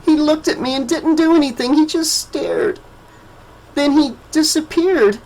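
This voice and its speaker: A frightened little girl with a high, thin voice, speaking softly and shakily in an audiobook, as a male narrator puts her on. She sounds small and tearful. A faint hum of ambience sits behind her. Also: measured pace, low-quality recording. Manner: small, soft and shaky. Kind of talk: audiobook character voice.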